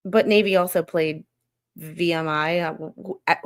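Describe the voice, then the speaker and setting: A woman's voice: lowish voice, moderate pace, gravelly. A woman hosting a show, rambling in an unfiltered, exasperated rant and swearing freely. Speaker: podcast host.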